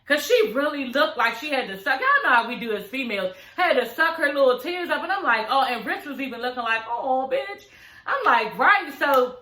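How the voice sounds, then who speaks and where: A woman casually recapping a reality show episode, animated and profane, often calling out to her viewers. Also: high-pitched, fairly quick, hardly any pauses, echoey room, low-quality recording.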